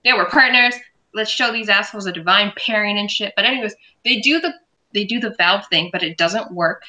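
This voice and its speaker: Bright-voiced woman, animated and swearing. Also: mid-range voice, fairly quick, rough recording. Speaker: show host and reviewer. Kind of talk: casual recap chat.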